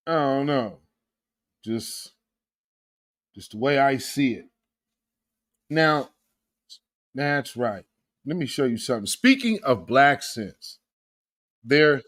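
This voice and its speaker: Slow drawling male commentator. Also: medium pitch, fairly bright tone. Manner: slow, drawling, loose with fillers. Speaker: commentary host. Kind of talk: casual commentary.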